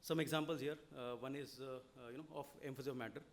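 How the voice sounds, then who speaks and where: A man with an Indian English accent lectures on audit reporting at a seminar, talking very fast with fairly even intonation and a middle pitch. Frequent "you know" and "okay?" checks punctuate his continuous explanations.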